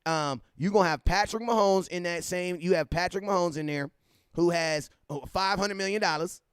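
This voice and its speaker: A man hosting a casual sports livestream, talking animatedly, repeating himself and giving shout-outs to viewers. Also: high voice, normal speed, clean tone, dry recording, studio quality. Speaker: livestream host.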